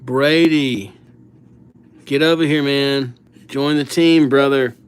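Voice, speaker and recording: A man's voice: mid-range voice, steady tone, takes it slowly, smooth. A young man hosting a calligraphy livestream, chatting and joking while he writes viewers' names and hands out goofy nicknames. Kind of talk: casual livestream chat while writing names.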